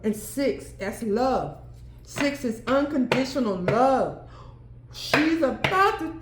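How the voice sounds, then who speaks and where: High-voiced woman doing an excitable tarot reading. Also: creaky, reverberant, a little hiss or hum. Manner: thinks aloud, exclaims and laughs often. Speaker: tarot reader. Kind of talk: solo tarot card reading.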